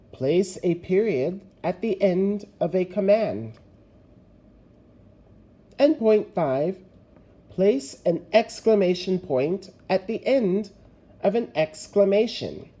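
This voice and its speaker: A male teacher giving a recorded remote grammar lesson slowly and deliberately, stressing key words. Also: high-pitched, warm tone.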